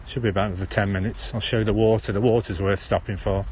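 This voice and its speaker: A man's voice: on the low side, steady tone, fast, darkish tone, slight background noise. Chatty Stoke-on-Trent man in a park. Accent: Stoke-on-Trent (Potteries). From Stoke-on-Trent, England. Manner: rambling, chatty, drops H's. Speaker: livestream host. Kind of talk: casual walking livestream. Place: outdoor town park. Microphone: handheld phone.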